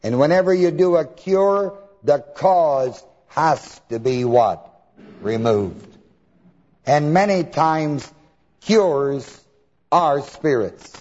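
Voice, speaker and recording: A man's voice: on the high side, lively intonation, slow pace, darkish tone. A man preaching a sermon, asking the congregation to fill in words and spelling terms out letter by letter. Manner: call-and-response questions to the congregation. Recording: dull lo-fi recording with long hall reverb.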